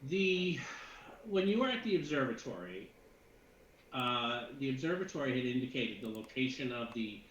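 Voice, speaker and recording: A man's voice: mid-range voice, very animated, normal speed, fairly bright tone. A man narrating as game master for a tabletop game with his players, rambling with many fillers and restarts. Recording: echoey room, dull lo-fi sound, faint noise.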